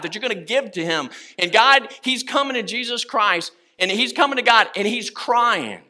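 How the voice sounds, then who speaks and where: Male pastor, high and very bright voice, impassioned sermon, swings from hushed to loud. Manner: impassioned, rising to shouts on key words.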